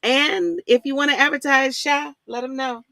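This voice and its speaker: Bright, teasing woman co-host. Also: high voice, normal speed, dry recording. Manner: playful, teasing, laughs often. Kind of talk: casual chat.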